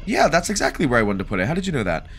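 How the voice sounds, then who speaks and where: A man giving jokey, animated let's play commentary, reacting aloud and talking back to game characters. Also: mid-range voice, very fast, soft background music. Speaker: gaming video creator.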